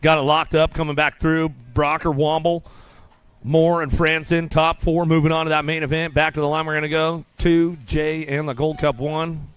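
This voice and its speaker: A man calling live BMX races in rapid, rhythmic announcer patter at an outdoor track. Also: fairly high pitch, flat delivery, fairly bright tone, clear, resonant tone. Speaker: race announcer. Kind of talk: live BMX race commentary.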